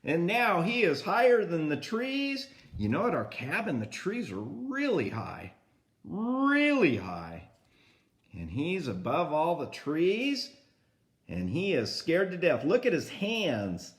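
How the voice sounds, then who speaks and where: An older man reading a picture book aloud to a grandchild, pausing to point at the pictures and comment on them. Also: on the high side, very animated.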